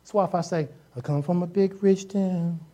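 A woman's voice: lowish voice, normal speed, warm tone. A woman preaching a sermon in a casual, joking way, often acting out voices and sounds and repeating herself for emphasis. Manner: casual colloquial speech with repetitions.

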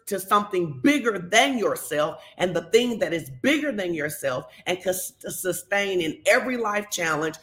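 A woman pastor, giving a conversational sermon and telling stories lively, acting out the quotes. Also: lowish voice, normal speed, hardly any pauses. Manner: animated storytelling, acts out quotes.

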